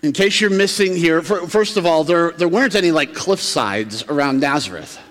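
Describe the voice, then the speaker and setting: A man preaching a relaxed, conversational sermon in a church sanctuary. His voice sits a little high for a man, and it carries a long reverb through the large hall. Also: normal speed. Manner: conversational, acts out townsfolk's reactions. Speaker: pastor.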